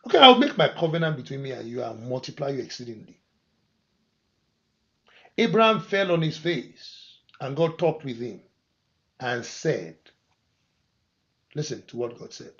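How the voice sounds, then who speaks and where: A man preaching a sermon as pastor, moving from quiet scripture reading to loud, emphatic declarations. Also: a little high, big pitch swings, a little slow, pauses often. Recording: dull lo-fi sermon recording.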